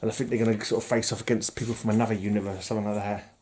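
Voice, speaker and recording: A man's voice: fairly low pitch, level tone, very fast, darkish tone, slightly rough. A man casually chatting about comic books on his channel, rambling and jokey with frequent giggles. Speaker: comic book collector vlogger. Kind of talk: casual chat.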